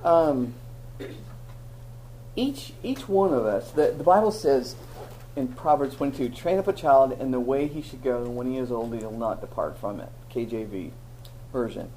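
A woman teaching a Bible lesson to a live audience, telling stories with animated, self-mocking humor. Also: a bass voice, moderate pace, a little hiss or hum, poor audio.

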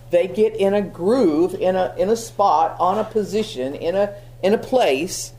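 A woman's voice: fairly low pitch, darkish tone. A woman preaching a sermon in a conversational way, with frequent restarts and repeated words. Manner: many restarts, stammering repeats.

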